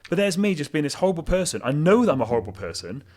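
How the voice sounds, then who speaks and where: A man's voice: fairly high pitch, sing-song, rapid-fire, a little mellow. A man guest on a podcast, telling his story candidly and with self-deprecating humour. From England.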